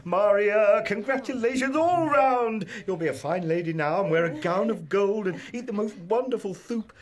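A flustered party guest, giggling and stammering. His voice sits high as he trips over his words. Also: lively intonation, moderate pace. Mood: giggly.

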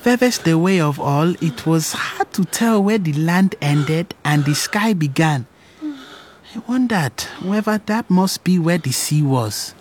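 Slow, low-voiced woman narrator. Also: animated, a little mellow, slight background noise. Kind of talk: first-person story narration.

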